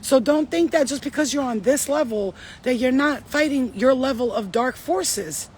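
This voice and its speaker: A woman's voice: high voice, normal speed, a little mellow, breathy edge. A woman vlogger telling a story in a casual rant, blunt, profane, heated and emphatic. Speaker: spiritual vlogger.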